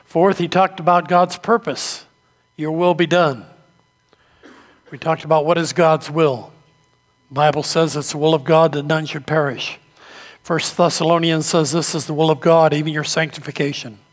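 High-voiced preacher in a reverberant hall. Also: male voice, fairly even intonation, moderate pace. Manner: storytelling preacher, acts out quoted voices. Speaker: pastor. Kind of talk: sermon.

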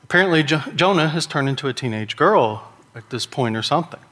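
A man's voice: fairly high pitch, expressive, fairly quick, fairly bright tone, long reverb tail. A middle-aged man, preaching a sermon in a folksy storytelling way and mimicking characters' whining voices. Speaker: pastor.

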